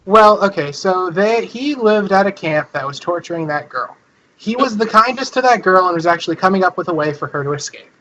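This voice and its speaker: Excited guy playing d&d, bright voice kinda high, rushes his lines. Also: dull audio, a little hiss or hum. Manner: animated, eager, quick bursts. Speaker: player. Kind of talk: tabletop role-play.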